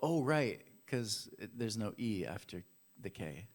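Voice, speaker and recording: A man's voice: fairly low pitch, animated, moderate pace, a little mellow. A man preaching a casual, playful sermon in a church, talking straight to the congregation. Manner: playful, chatty, addresses the congregation directly. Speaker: pastor. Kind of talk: casual sermon with audience games. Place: church hall.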